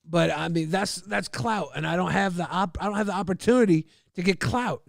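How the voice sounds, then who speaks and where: A man streaming casually, reading and answering chat in a loud, profane, combative rant. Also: high voice, brisk, creaky, dry recording, studio quality.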